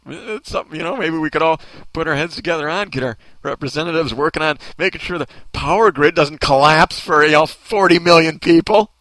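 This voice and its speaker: A man's voice: sits high, sharp tone, dry recording. A man hosting a talk show, ranting in a sarcastic, mocking way and needling people off mic. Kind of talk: comedic opinion rant.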